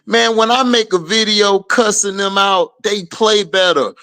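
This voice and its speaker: Male streamer, unhurried delivery, casual trash-talking game commentary with frequent laughs. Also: high-pitched. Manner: slangy, laughing, animated trash talk. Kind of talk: casual live watch-along commentary.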